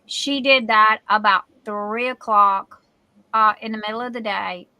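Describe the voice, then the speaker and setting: A woman's voice: medium pitch, fairly even intonation, unhurried, dry recording, lo-fi sound. A middle-aged woman hosting a livestream, telling a personal story in a candid, emotional way. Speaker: livestream host. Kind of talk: casual chat.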